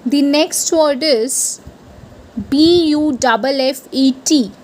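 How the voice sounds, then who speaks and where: A woman gives a pronunciation lesson in a high, bright-pitched voice. She speaks slowly and deliberately, spelling each word out letter by letter. She keeps checking in with "right?". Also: slight background noise. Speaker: spoken English teacher.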